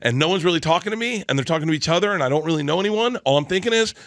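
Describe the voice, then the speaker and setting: A middle-aged man telling a comic story as a guest, excitable and animated, often laughing mid-story. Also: a little high, racing, no room sound, clean studio sound. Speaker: comedian guest.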